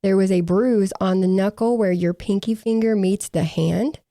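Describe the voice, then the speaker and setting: A woman's voice: medium pitch, steady tone, normal speed, mellow, no room sound. A woman co-hosting a true crime podcast, reading from case reports with dry, sarcastic asides.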